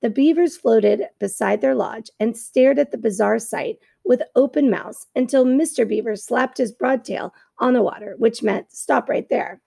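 A woman reading a chapter book aloud in a steady narrating voice, with small slips and self-corrections. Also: fairly high pitch, moderate pace, gravelly, hardly any pauses, no room sound.

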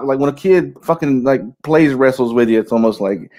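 A man on a casual talk show rants with constant swearing and rough humor. His tone is mellow and somewhat dark. He swings his pitch high and low as he gets worked up. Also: a little fast, few pauses. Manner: crude, animated, swearing constantly. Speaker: co-host. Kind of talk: casual profane banter.

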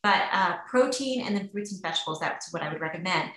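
A woman's voice: on the low side, animated, quick pace, bright, forceful tone. A woman physician answering webinar questions in a casual, chatty way with many fillers. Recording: roomy echo.

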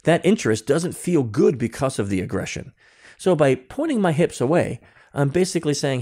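This man's voice is on the high side and slightly rough yet mellow, with big pitch swings and a moderate pace. As a podcast guest and security consultant, he tells a personal story over a remote call, acting out dialogue and restarting many times.

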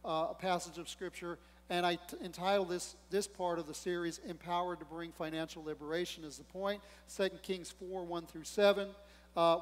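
A man with a high, bright voice preaches to his congregation, swelling to loud emphasis and dropping into asides. The sound rings with a long reverb off the walls of a church sanctuary. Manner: preaching with rising emphasis and humor, acting out quotes. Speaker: pastor. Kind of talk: sermon.

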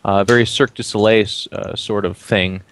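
Low-voiced man narrating as game master. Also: steady tone, moderate pace, fairly bright tone, slight background noise. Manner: chatty, playful narration with many fillers.

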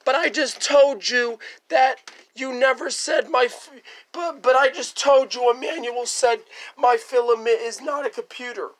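A man's voice: very high voice, measured pace, a bit bright, voice pushed up. A man doing a whiny pleading street light.

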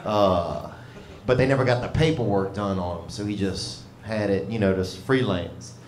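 A man's voice: fairly low pitch, moderate pace. A man doing a rambling, laid-back stand-up set on a club stage. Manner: rambling, drawling, laid-back, Southern slang. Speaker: stand-up comedian. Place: comedy club stage with live audience. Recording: roomy club with crowd laughter. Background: audience laughter.

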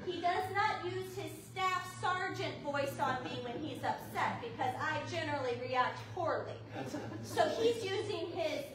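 High-voiced laughing woman pastor. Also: unhurried, crowd noise. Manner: lively, laughing anecdote. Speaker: associate pastor. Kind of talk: sermon storytelling. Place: church fellowship hall. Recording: echoey hall, mic at a distance, audible noise.

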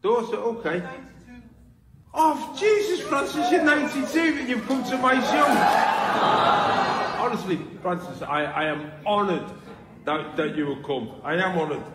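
A man's voice: sits high, lively intonation, measured pace, long pauses, fairly bright tone. A man with a Liverpool accent doing stand-up and teasing an audience member in a live gig clip. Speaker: stand-up comedian. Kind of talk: live stand-up crowd work. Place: theatre stage. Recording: echoey live gig hall recording.

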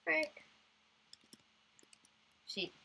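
A woman's voice: extremely slow, sharp tone, a little hiss or hum, low-quality recording. A woman doing goofy let's-play commentary, bursting into sudden squeals. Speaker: gamer.

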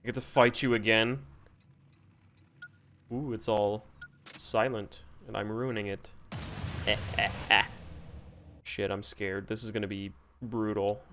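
A male streamer giving live gameplay commentary, reacting excitedly and swearing at the game. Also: fairly low pitch, slow, long pauses, noisy background.

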